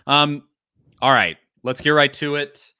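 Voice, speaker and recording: A man hosting a casual sports podcast, chatting with laughs and rattling through ad reads quickly. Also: on the high side, clean tone, dry recording, studio quality. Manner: lively, laughing, reads ad copy fast. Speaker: podcast host.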